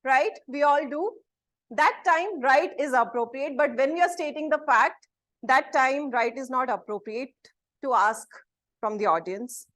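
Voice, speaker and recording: A woman's voice: high voice, measured pace, fairly bright tone. A woman giving a methodical club-meeting report as ah-counter, listing each speaker in turn. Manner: methodical, lists speakers one by one.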